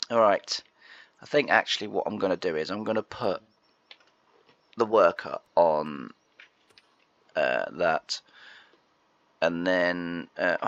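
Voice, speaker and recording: A man's voice: low voice, gravelly, a bit bright, no echo, dull audio. A middle-aged British man chatting casually as he plays a farming game, telling stories and laughing along. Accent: British English. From Britain. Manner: chatty storyteller, laughs through anecdotes. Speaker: gaming channel host. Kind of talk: casual chat while playing.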